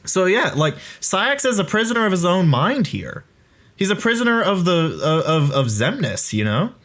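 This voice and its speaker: Excitable young man rambling commentary. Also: sits high, moderate pace. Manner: excitable, rambling, swears freely, laughs a lot. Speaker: video creator giving commentary. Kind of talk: casual commentary over his own video.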